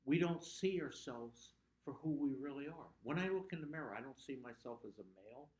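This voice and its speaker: A man's voice: on the high side, expressive, brisk, a little mellow. A man giving a motivational talk as a guest speaker at a club, earnest and prone to sudden emphatic bursts. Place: meeting room at a club. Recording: echoey room.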